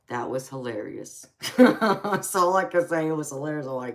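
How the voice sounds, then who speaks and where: A woman's voice: low voice, expressive, slow, pauses often. A woman with a Southern US accent in casual live chat as a tarot reader, laughing often and calling listeners "baby". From United States.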